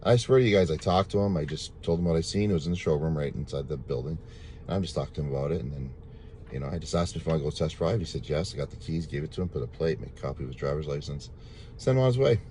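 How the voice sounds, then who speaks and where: Low-voiced man telling a rambling testimony. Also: animated, very fast, a little mellow, a little hiss or hum. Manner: rambling, repetitive storytelling addressed to viewers; religious, thankful. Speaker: storyteller sharing a testimony. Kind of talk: casual spoken testimony.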